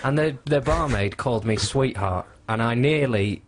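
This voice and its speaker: A man's voice: mid-range voice, normal speed, a little hiss or hum. A man co-hosting a radio show, chatting casually with dry, self-deprecating humour. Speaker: radio co-host.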